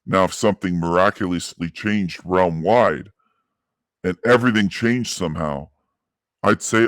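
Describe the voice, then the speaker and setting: A man with a deep, low voice talks things through in a calm, earnest way, explaining his view step by step. The recording is dry and close, with nothing of the room in it. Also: normal speed, dry recording. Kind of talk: reflective commentary monologue.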